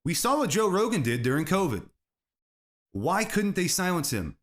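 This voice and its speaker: A man's voice: high voice, big pitch swings, normal speed, fairly bright tone. A man hosting a solo comedy podcast, rambling from bit to bit and laughing at his own jokes. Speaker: podcast host.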